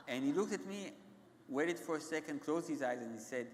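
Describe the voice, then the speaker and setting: A man with an Israeli accent, a guest author telling stories on stage in a halting, self-interrupting way. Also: on the high side, lively intonation, slight background noise. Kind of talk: onstage conversation, anecdotal storytelling. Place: large event hall. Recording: echoey hall.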